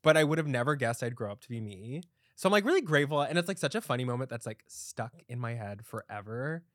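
A man's voice: mid-range voice, expressive, fast talker, a bit bright, no echo. Chatty young man hosting, dry sound. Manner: chatty, laughing, lots of "like". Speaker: podcast host. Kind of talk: casual chat.

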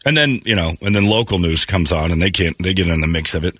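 A man's voice: low-pitched, fast, dry recording, clean studio sound. A male morning radio host with a sore throat, chatting casually and sardonically. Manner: animated, sardonic, often quotes others mockingly. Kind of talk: casual chat, wry storytelling.

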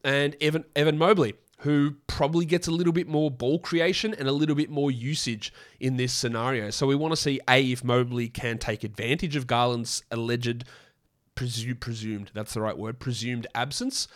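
A man hosting a solo fantasy basketball podcast, hoarse from losing his voice, talking in an opinionated, rambling way with frequent self-corrections. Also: medium pitch, steady tone, moderate pace. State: hoarse from a lost voice.

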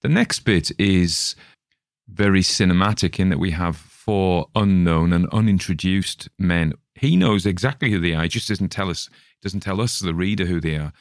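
A man's voice: low voice, moderate pace, no room sound, clean studio sound. A man hosting his own podcast, chatting in a rambling, digressive way about a short story he has just read. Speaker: podcast host. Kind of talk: casual chat about a story.

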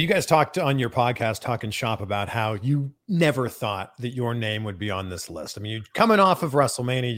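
A male host asks his guests questions in a relaxed, conversational way. His voice sits at an ordinary middle pitch. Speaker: interviewer host. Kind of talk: casual interview questions.

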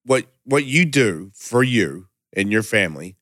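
A man hosting a casual conversation, rambling and swearing freely, cutting in with quick questions. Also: on the low side, expressive, fairly bright tone, no room sound, studio quality. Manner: rambling and profane, quick interjections. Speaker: host.

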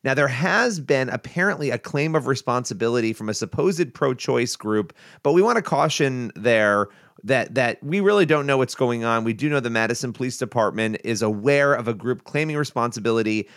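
A man's voice: mid-range voice, expressive, brisk, fairly bright tone, no room sound, studio quality. A man co-hosting a faith news podcast, recapping a story conversationally with fillers and restarts. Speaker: podcast co-host. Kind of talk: news commentary chat.

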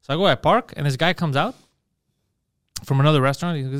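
A man's voice: on the high side, fast, fairly bright tone, dry recording, studio quality. A man hosting a podcast, telling profane anecdotes in casual chat and acting out the dialogue. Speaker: podcast host.

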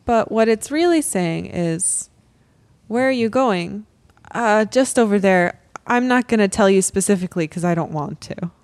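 Woman co-host, mid-pitched, relaxed teasing chat, dry close sound. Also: normal speed, dry recording. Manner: laughs easily, teasing. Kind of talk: casual chat explaining Japanese phrases.

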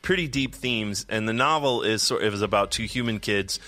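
Low-voiced man telling animated pet stories. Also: normal speed. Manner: animated storyteller who acts out pets' voices. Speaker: podcast co-host. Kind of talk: casual chat.

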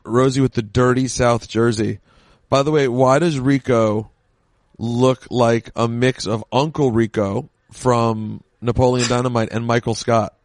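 A man talking casually on a podcast while an old match plays, cracking jokes and drifting into rambling asides. His voice sits at an ordinary middle pitch. The sound is dry, with no room echo. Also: fairly even intonation, unhurried. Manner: chatty, jokey, rambling asides. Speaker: podcast co-host.

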